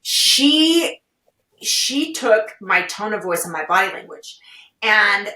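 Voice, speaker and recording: A woman's voice: mid-range voice, takes it slowly. A woman guest on an interview podcast, talking casually and telling stories expressively. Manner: expressive storyteller, animated retellings. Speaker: podcast guest, legal well-being director. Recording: roomy, distant-mic sound.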